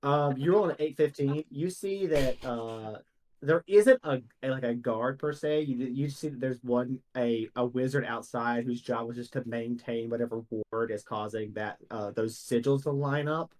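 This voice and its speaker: A man narrating as game master of a tabletop role-playing game, laughing often between quick asides. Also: mid-range voice, darkish tone.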